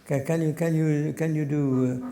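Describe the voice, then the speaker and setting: An older man with a French accent coaching a young conductor in a concert hall, direct and halting, singing phrases out in syllables. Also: fairly high pitch, fairly even intonation, mellow. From France. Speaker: conducting teacher. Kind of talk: masterclass coaching. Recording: roomy concert hall reverb.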